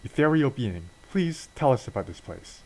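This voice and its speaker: A man voicing a brisk woman news reporter in a game retelling, with crisp announcer delivery. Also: medium pitch, sing-song, mellow, pitched above the performer's own voice, rough recording. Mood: formal.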